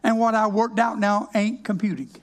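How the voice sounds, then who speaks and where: A man's voice: sits high, steady tone, normal speed. An older man, a minister giving a folksy, plainspoken, wry personal testimony.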